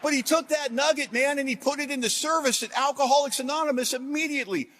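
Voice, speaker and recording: Middle-aged man, fairly high voice, recovery talk to a crowd, wry self-mocking humor, punchy one-liners. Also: fast. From Washington, USA. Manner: emphatic, swings from loud jokes to quiet earnestness. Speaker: AA convention speaker. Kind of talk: recovery talk to a large audience.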